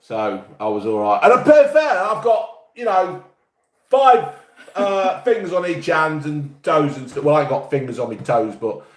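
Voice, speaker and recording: A man's voice: a little high, big pitch swings, a little slow, reverberant. A man from the East Midlands hosting a live stream, reading viewer comments in a blunt, jokey, sweary way. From England, East Midlands.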